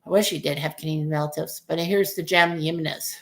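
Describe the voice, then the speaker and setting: A woman's voice: sits low, steady tone, fast talker, creaky, a bit bright, echoey room. A woman in her forties giving casual, rambling play-by-play of a baseball game as a fan streamer, cursing at bad plays. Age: 40s.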